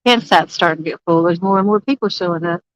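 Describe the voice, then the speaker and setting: A woman's voice: fairly low pitch, fast talker, no echo, rough recording. A woman chatting casually on a live stream from a campsite, greeting viewers by name and laughing often. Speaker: livestreaming angler. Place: campsite outdoors.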